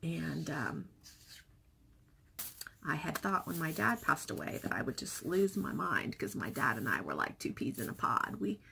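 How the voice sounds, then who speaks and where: In her personal vlog, a middle-aged woman recounts a family story with chatty, open emotion, giving the characters animated voices. Her voice is deep and creaky, her pace a little slow. There's slight background noise in the recording.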